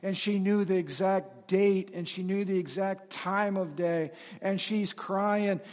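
Pastor guy preaching, animated, throws questions at the crowd, big echoey hall. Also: high voice, unhurried. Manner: animated, asks congregation questions, laughs at himself. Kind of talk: sermon. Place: church sanctuary with reverb. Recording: long hall reverb.

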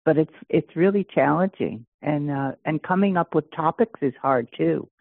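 Woman talking it over, halting, stammery, bit husky, tinny phone sound. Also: sits low, no echo. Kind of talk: casual feedback chat.

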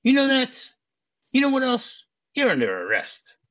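Irate middle-aged police chief, raspy voice and dull lo-fi audio, a podcaster reading the lines. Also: male voice, medium pitch, fast, close to an everyday voice. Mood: furious. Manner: shouting, exasperated, profane.

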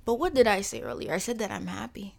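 A young woman from the Caribbean hosting her own podcast in a personal monologue. Her voice sits at a middle pitch, and she swings between emphatic, rhetorical questions and soft, near-whispered asides. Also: fast, gravelly. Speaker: podcast host.

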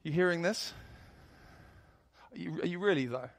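A man's voice: a little high, moderate pace, vocal fry. A male pastor preaching a sermon in a storytelling manner, building up to emphatic points.

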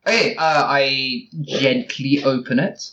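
A player in a tabletop game, describing their character's actions in a relaxed, joking way with fillers. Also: mid-range voice, takes it slowly, lo-fi sound. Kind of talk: casual tabletop play.

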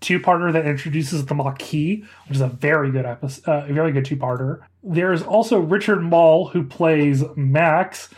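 A man's voice: a little high, normal speed, hardly any pauses. A man co-hosting a casual podcast chat, rambling with laughing asides. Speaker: podcast co-host.

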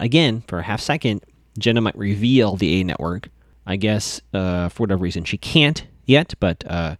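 A man's voice: on the low side, dry recording, clean studio sound. A man hosting a podcast, recapping a TV episode in a chatty, digressive way with lots of fillers and restarts.

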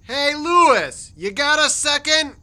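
An actor voicing a fussy, easily exasperated male explorer in a comedic audio drama, with whiny, yelling outbursts. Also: mid-range voice, very animated, slow, no echo. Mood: impatient. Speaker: performer and show introducer.

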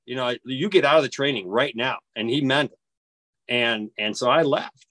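A man recounts a personal story, jumping up in pitch to act out each quoted line. His voice sits at an ordinary middle pitch, and the recording is close and dry, with no room sound. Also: dry recording. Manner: animated, acts out quoted dialogue with big pitch jumps; halting, with frequent restarts. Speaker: interview guest.

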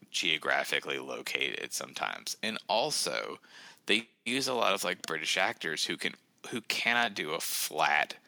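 Casual: guy talking on a podcast, low voice, super dry sound, keeps restarting his sentences. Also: gravelly, pushed and bright, no room sound. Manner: rambling, many fillers and restarts. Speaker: author guest.

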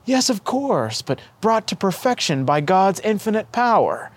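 A man voicing a gentle, affectionate young boy saint who speaks earnestly and kindly to an old friend. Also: high voice, big pitch swings, a little slow, breathy edge, pitched above the performer's own voice, exaggerated voice.

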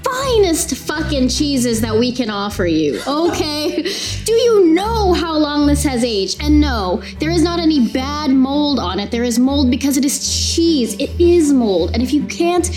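Woman doing a fed-up shopkeeper girl, polite but seething, high and loud. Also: sing-song, measured pace, few pauses, music in the background. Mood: exasperated. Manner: sweetly polite, then exasperated. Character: young woman cheesemonger, patient until furious.

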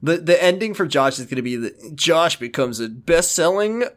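A man's voice: on the high side, expressive, moderate pace. A man co-hosting a podcast, recapping a TV episode in a casual, joking, profane way. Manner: joking, profane, acts out characters' lines. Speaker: podcast co-host.

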